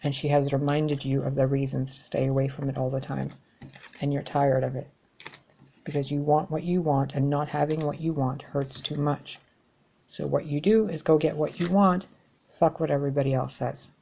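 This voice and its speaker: Low gravelly lady doing a tarot reading, blunt and fed up, swears a lot. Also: fairly even intonation, normal speed, warm tone, a little hiss or hum. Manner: blunt, exasperated, swears freely. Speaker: tarot reader.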